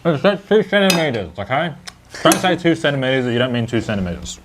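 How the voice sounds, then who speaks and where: A man's voice: medium pitch, sing-song, fast talker, noisy background. An Australian man vlogging outdoors over dinner, joking and teasing in casual chat. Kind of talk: casual chat while eating.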